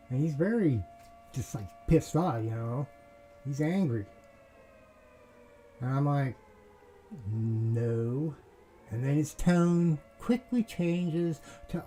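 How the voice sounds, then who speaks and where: A man speaks slowly in a dark, mellow voice while he tells a personal grievance as a casual monologue. He rambles and circles back, restarting his sentences, and throws in a curse now and then. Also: fairly high pitch, animated, slight background noise, rough recording. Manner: rambling, restarts, swears, aggrieved. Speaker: vlogger.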